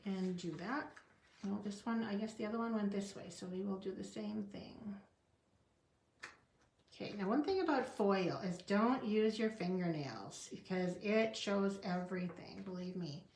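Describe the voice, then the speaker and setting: A woman's voice: mid-range voice, moderate pace, darkish tone, roomy sound, a little hiss or hum. A woman demonstrating card stamping in a chatty tutorial, talking to herself as she works. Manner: chatty, talks to herself while working, small laughs.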